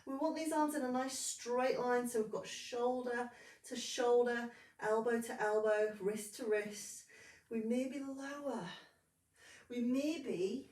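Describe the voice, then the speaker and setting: A woman leading a yoga class, calmly calling out poses and breaths step by step with a little humor. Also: fairly high pitch, a little slow, distant mic. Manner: calm step-by-step cueing, breath counts, light humor. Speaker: yoga instructor. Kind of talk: guided yoga instruction. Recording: roomy, voice a bit off-mic.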